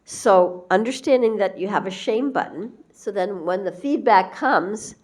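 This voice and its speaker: A woman spiritual teacher giving a gentle, conversational devotional talk and acting out quoted lines. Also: medium pitch, unhurried.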